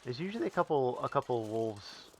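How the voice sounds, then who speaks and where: A man's voice: medium pitch, very animated, a little fast, a little hiss or hum. A man from Northern Canada, chatting with his viewers as he streams a survival game. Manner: chatty, answering chat while playing. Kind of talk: live gameplay commentary.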